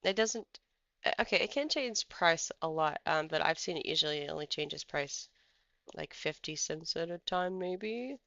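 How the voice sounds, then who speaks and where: Gravelly voice in casual trading talk. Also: medium pitch, animated, normal speed, pushed and bright, no room sound, dull audio. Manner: rambling, thinks aloud while scrolling charts. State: has the hiccups. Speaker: stock trading streamer. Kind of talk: casual live trading commentary.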